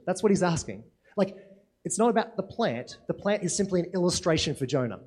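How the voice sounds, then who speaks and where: A man's voice: high voice, lively intonation, brisk, darkish tone. A man preaching a sermon in a conversational way, often asking rhetorical questions and checking in with "right?".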